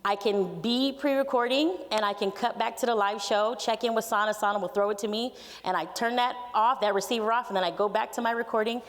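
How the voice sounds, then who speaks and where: Brisk, laughing woman radio host. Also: fairly high pitch, fairly even intonation. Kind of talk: casual panel talk. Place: event hall panel. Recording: long hall reverb, faint noise.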